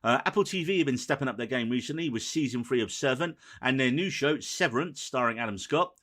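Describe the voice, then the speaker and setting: A man hosting a film and TV podcast in casual chat, brisk and teasing as he runs through the rundown. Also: mid-range voice, animated, a bit bright. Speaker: podcast host.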